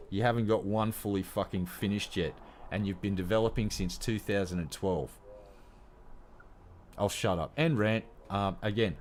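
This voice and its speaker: A low-pitched Australian man in his fifties rants to camera, blunt and heavy with swearing. A faint hum of noise sits under his voice. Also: darkish tone. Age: 50s. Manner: blunt, heavily profane ranting. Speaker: gaming vlogger. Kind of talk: casual rant to camera.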